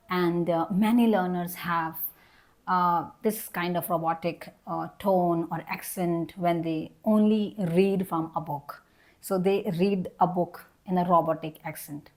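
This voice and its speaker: Woman teaching an English lesson, low-pitched. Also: darkish tone. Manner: explanatory, repeats points, models example sentences.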